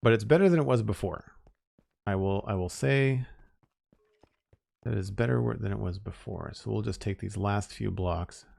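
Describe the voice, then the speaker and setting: A man's voice: lowish voice, moderate pace, creaky, darkish tone, no echo. A man chatting casually on a live stream while he builds, musing aloud and chuckling at himself.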